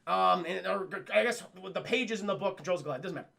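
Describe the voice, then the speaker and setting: A young man retells a cartoon episode to his chat in a high, bright voice with plenty of gravel and fry. He swears freely and leaps up and down in pitch whenever he quotes a character, keeping it loose and animated. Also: fairly quick. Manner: animated, profane, swoops up and down the pitch when quoting characters. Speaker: cartoon reviewer streaming to chat.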